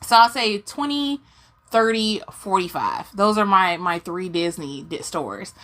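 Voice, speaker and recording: Animated woman ranting to camera. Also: mid-range voice, a little slow. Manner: animated storytelling, acting out her own reactions. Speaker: doll collector vlogger. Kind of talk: casual rant to camera.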